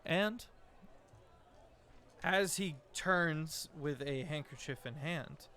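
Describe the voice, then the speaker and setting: A man narrating as game master in a tabletop role-play, with halting restarts. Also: a little high, sharp tone.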